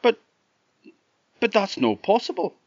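A man's voice: high voice, huge pitch swings, unhurried, breathy edge, no room sound, muffled recording, pitched above the performer's own voice, full character voice. A man with an Orkney Scottish accent playing a naive, hungry young man in a folk tale, earnest and wide-eyed. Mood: astonished. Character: naive young male fool, hungry and amazed.

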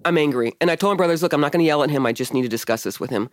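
A woman with a fairly low voice hosts a casual podcast. She tells a personal story candidly and with feeling, swearing freely. Her voice is recorded close and dry. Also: very fast, no echo. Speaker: podcast host. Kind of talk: casual conversation.

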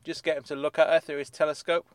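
A man's voice: on the high side, little pitch movement, fast, no echo. A man reading episode synopses aloud and adding dry, sardonic asides, chuckling as he goes. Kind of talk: casual comic commentary.

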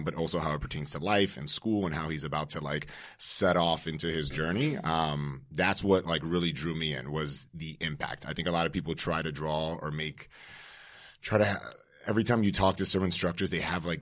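A young man with a very deep, low-pitched voice, chatting casually on a podcast as a fitness coach. He is laid-back and peppers his talk with fillers and casual swearing. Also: a little fast, a bit bright.

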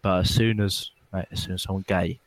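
A man's voice: a little fast, heavy background noise. A young man telling a rambling, laughing pub-style story among friends. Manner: rambling, laughing, slangy, lively swings in pitch. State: drinking. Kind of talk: casual chat, storytelling.

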